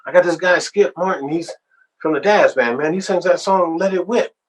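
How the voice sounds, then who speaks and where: A man acts out an eager friend who is bursting to pass on news, his voice pushed up higher and louder than the teller's own. He talks fast and pushy, keen to make the introduction. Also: poor audio. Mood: excited. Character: eager male friend bringing news, excited.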